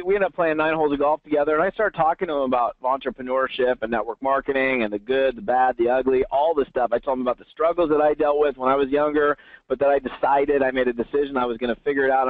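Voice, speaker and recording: A man telling stories in an animated way during an interview, acting out the voices of people he quotes. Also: mid-range voice, no echo. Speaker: network marketing trainer, guest. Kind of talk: storytelling interview answer. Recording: tinny phone line.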